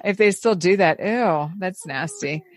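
A woman's voice: fairly low pitch, measured pace, dry recording. A woman hosting a casual chat, blunt and questioning. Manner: blunt, asks questions, laughs often.

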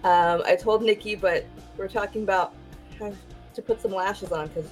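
A woman's voice: mid-range voice, normal speed, soft background music. A woman co-hosting a casual chat show, giggly and upbeat. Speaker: podcast co-host.

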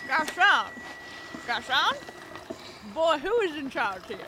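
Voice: medium pitch, lively intonation, normal speed, noisy background, close to an everyday voice. A performer voicing a rich, domineering female mob boss in a comedy audio drama, speaking in an imperious, insulting way.

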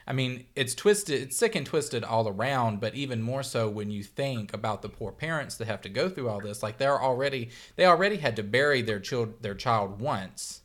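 A man's voice: mid-range voice, expressive, normal speed, hardly any pauses, a bit bright. A man co-hosting a podcast in casual chat, rambling and searching for his words. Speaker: podcast co-host.

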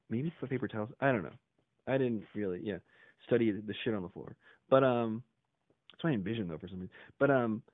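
A man's voice: medium pitch, no echo. A man hosting a podcast, telling a long rambling story in a casual, profane way, often laughing and acting out the people he quotes. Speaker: podcast host. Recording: dry, phone-like narrow sound.

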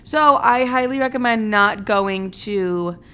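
A woman's voice: mid-range voice, takes it slowly, a bit bright, clean tone. A young woman from the Chicago area telling a casual storytime vlog, chatty and full of fillers and swearing.

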